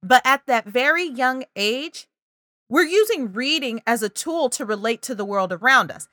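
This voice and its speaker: Bright, animated woman giving parenting advice. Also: high-pitched, normal speed, no room sound, clean studio sound. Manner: animated, acts out child and parent voices.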